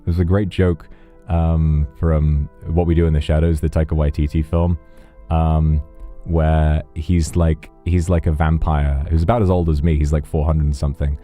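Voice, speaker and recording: A man's voice: very deep voice, little pitch movement, moderate pace, warm tone, faint music behind. A man chatting casually on a livestream, rambling and wry, often breaking off mid-sentence. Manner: rambling, self-interrupting, wry. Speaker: streamer.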